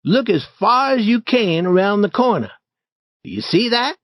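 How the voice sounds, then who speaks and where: A man voicing an eager, bold young boy adventurer in an audiobook, with excited, insistent lines. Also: sits high, moderate pace, no room sound, studio quality, pitched above the performer's own voice.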